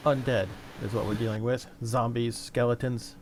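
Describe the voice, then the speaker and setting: A man's voice: medium pitch, fairly even intonation, normal speed, dry recording, natural voice. A man as a curt guard leader. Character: big gruff man leading town guards.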